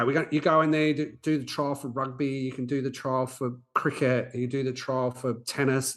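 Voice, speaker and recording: A man's voice: medium pitch, fairly bright tone. Earnest man in his forties. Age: 40s. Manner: earnest, reflective, frequent restarts. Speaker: podcast host. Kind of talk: personal storytelling.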